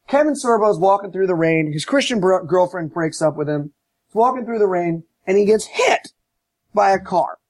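A man's voice: sits high, no echo. A man ranting sarcastically and profanely about a movie in a casual podcast chat, acting out quotes. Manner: sarcastic, profane, mocks quotes with shouted voices.

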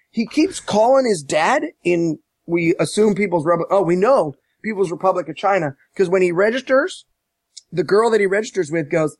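A man casually recapping a movie on a podcast, animated and profane, mocking as he tells it. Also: sits high, a little fast, no echo. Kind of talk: casual chat.

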